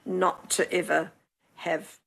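A woman's voice: lowish voice, level tone, slow pace, creaky, fairly bright tone, husky, rough recording. An older woman hosting a casual chat, frank and wry, poking fun at herself. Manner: frank, wry and self-mocking.

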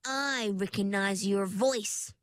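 Woman doing a raspy, smug male wraith. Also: mid-range voice, no room sound, lightly acted. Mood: whining. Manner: slow, drawling, self-satisfied. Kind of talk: storybook narration.

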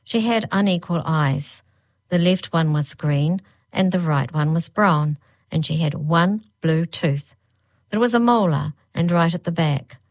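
A woman narrating a children's storybook aloud, slowing right down on the spooky phrases. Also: sits low, no echo. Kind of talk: storybook reading.

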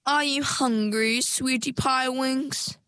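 A woman's voice: high-pitched, steady tone, slow, sharp tone, smooth, dry recording, voice pushed up, full character voice. A woman voicing a vain grown mermaid lady who speaks in a falsely sweet, affected way with posh endearments. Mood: sugary. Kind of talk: storybook narration.

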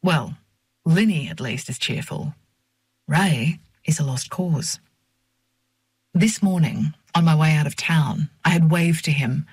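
A woman narrating a first-person novel in a measured, reflective reading voice on a close mic. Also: low-pitched, darkish tone, slightly rough, dry recording. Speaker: audiobook narrator.

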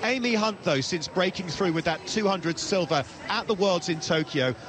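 A man, an athletics commentator, giving a brisk, fact-packed preview of the races ahead. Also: high-pitched, a crowd in the background. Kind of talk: live sports preview. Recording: outdoor noise behind the voice.

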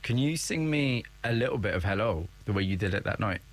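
A man's voice: lowish voice, expressive, a little fast. A male presenter giving scripted narration and asking a guest questions.

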